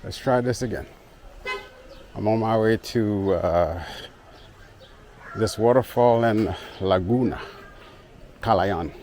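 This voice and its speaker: On the low side and a little mellow, this man's voice comes slowly with frequent pauses as he climbs a rural trail, winded. His relaxed travel vlog, shot handheld with slight background noise, is full of chuckles and greetings to locals.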